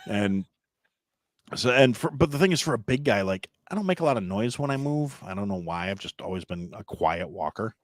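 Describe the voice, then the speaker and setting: A man's voice: lowish voice, expressive, brisk, dry recording, clean studio sound. A man in his thirties, a chef and podcast guest, telling profane, self-mocking stories in casual chat with frequent restarts. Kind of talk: casual storytelling.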